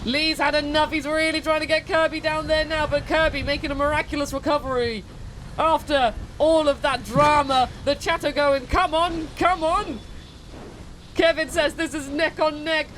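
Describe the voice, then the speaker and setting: A woman co-hosting a stream, giving excitable sports-style play-by-play of a game fight. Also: sits high, moderate pace, a little hiss or hum. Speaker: stream co-host and commentator. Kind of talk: live game commentary.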